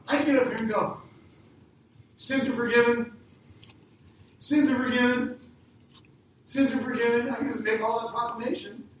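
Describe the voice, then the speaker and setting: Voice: medium pitch, distant mic. Conversational pastor in an echoey hall. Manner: conversational, asks the congregation questions. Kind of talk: sermon. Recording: echoey hall, speaker away from mic, faint noise.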